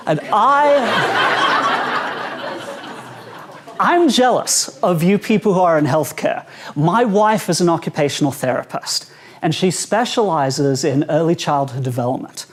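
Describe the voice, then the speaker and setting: A young South African man with a South African accent doing a stand-up comedy routine on a conference stage, animated and jokey. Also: high voice, normal speed. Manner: animated, jokey, acts out quoted voices. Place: conference hall stage with a live audience.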